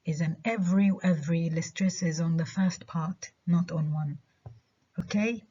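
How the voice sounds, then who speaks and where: A woman lecturing on English stress with a Levantine Arabic accent, a native Arabic speaker who explains slowly through repeated examples and keeps checking that students follow. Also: lowish voice, fairly even intonation, dark tone, breathy edge. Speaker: university lecturer. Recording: dull lo-fi lecture recording.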